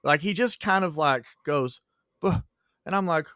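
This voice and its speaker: A man's voice: fairly high pitch, unhurried, pushed and bright, smooth, dry recording, studio quality. A man co-hosting a casual podcast, telling teacher stories in a joking way and laughing often.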